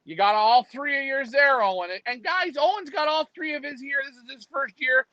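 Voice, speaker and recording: A man hosting a pigeon club livestream, joking loudly and teasing with animated banter. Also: extremely high pitch, moderate pace, no room sound. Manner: joking, loud, animated, mocks others. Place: indoor pigeon club room. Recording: slightly dull lo-fi sound.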